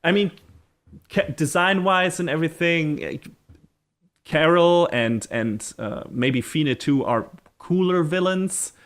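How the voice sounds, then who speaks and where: A man's voice: on the high side, slow, fairly bright tone. A man co-hosting a podcast, chatting enthusiastically, laughing often and swearing casually. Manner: frequent fillers and restarts. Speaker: podcast co-host. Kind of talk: casual chat.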